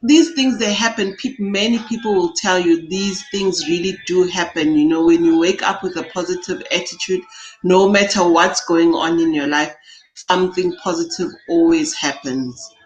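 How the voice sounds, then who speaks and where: A woman's voice: fairly low pitch, normal speed, dull audio, soft background music. Chatty woman life coach guest. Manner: earnest, chatty, lots of "you know". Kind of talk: interview chat.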